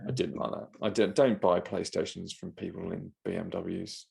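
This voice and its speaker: A man co-hosting a podcast, telling an anecdote in lively casual chat and laughing often. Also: low-pitched, normal speed, creaky, slightly rough. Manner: lively anecdote teller, laughs often, acts out quoted voices. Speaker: podcast co-host.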